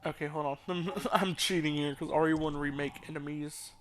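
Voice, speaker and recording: Rambling man with a higher voice. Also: steady tone, normal speed, soft background music. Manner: rambling, casual, swearing, thinks aloud. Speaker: let's play host. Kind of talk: rambling gameplay commentary.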